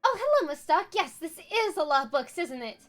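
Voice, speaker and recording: A woman's voice: very high-pitched, sing-song, brisk, soft background music, pitched above the performer's own voice. Woman doing a sweet, eager bookish girl. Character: sweet clumsy young woman who loves books.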